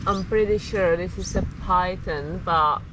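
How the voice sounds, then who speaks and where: Woman filming outdoors, slow startled comments, noisy background. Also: on the low side. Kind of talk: casual handheld vlog. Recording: outdoor footage with clear background noise.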